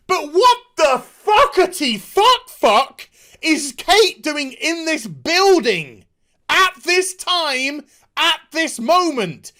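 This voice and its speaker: A woman's voice: high-pitched, big pitch swings, slow pace, bright, forceful tone. A woman giving a sweary, exasperated, sarcastic rant reviewing a TV episode.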